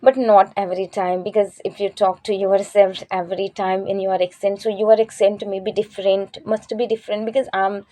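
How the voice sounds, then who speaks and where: A young woman from Chhattisgarh with a Chhattisgarhi English accent, giving casual advice on learning English to her viewers and often pausing to search for words. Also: mid-range voice, flat delivery, mellow. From Chhattisgarh, India. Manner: hesitant, searching for words with many fillers.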